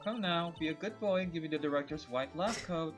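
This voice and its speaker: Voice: medium pitch, brisk, natural voice. Brief: stern no-nonsense nurse, voiced by a streamer, bossy and firm, faint music underneath. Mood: scolding. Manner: bossy, scolding. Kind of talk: voice-acting game dialogue on a stream.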